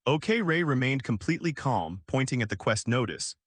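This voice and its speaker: A man's voice: mid-range voice, sing-song, a little fast, few pauses, no room sound, clean studio sound. A man giving scripted, dramatic narration of a recap story.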